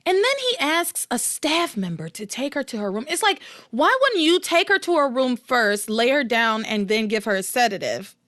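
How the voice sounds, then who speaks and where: Female podcast host, recap chat, higher voice with a wide swinging pitch, playful quoting. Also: normal speed, hardly any pauses, no room sound, studio quality. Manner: animated storytelling, acts out quotes, laughs often.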